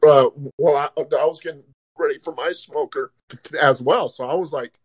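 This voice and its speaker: Man, higher-pitched, cussing casual storyteller who acts out the voices loudly. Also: moderate pace, breathy edge. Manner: animated, swearing, laughing, acting out quotes loudly. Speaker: podcast co-host telling a story.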